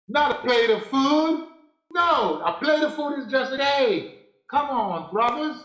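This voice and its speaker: A man giving a slow, preachy spiritual monologue, repeating phrases for emphasis. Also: very high-pitched, a bit bright, roomy sound, rough recording. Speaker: spiritual teacher.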